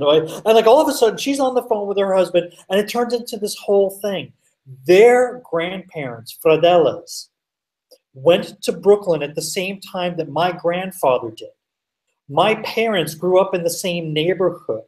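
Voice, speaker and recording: Brief: male guest, animated chatty storyteller with fillers and swearing, sits back from the mic. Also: high voice, moderate pace, distant mic, poor audio. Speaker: podcast guest. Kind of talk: casual storytelling.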